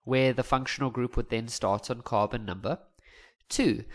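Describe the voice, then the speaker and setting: South African man, young adult, chatty teacher, mid-pitch voice, jokes constantly. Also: moderate pace. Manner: chatty, jokey, laughs at his own jokes. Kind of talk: casual online lesson.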